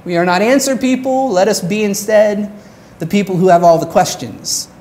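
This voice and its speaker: A woman pastor preaching a sermon in an earnest way, slowing down on her key phrases. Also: mid-range voice, dark tone.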